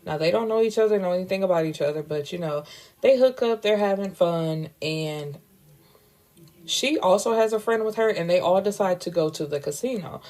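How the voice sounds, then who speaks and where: Chatty woman recapping a book, fairly low. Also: normal speed, a little mellow. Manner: candid, chatty, swears freely and adds wry asides. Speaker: book reviewer recapping a novel. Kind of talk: casual spoken book recap.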